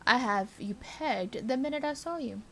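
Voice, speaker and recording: A woman's voice: a little high, moderate pace, a little hiss or hum, lightly acted. A woman voicing a self-assured frontier detective in a theatrical, declaiming manner while reading game dialogue aloud.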